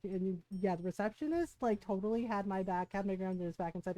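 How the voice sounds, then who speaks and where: A woman's voice: mid-range voice, fairly quick, hardly any pauses, faint music behind. A woman streamer telling a personal story in casual chat, full of "right?" and "like", acting out the people she quotes. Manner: animated retelling, acts out quoted people; many fillers like 'right?' and 'like'.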